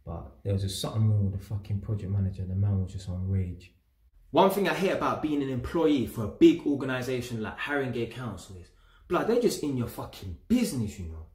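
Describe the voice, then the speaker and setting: A man's voice: mid-range voice, animated, brisk, a little mellow. A man with a London accent ranting to camera in street slang, blunt and heated. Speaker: vlogger. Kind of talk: casual rant to camera. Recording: echoey room.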